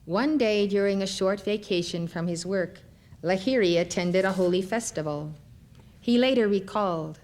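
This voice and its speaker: A woman lecturer reading spiritual stories aloud in a measured, deliberate way. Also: mid-range voice, a little mellow.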